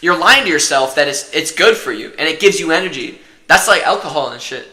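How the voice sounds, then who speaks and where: A man's voice: on the high side, expressive, a little fast, sharp tone, echoey room. A young man in casual podcast chat, rambling and swearing a lot with constant fillers.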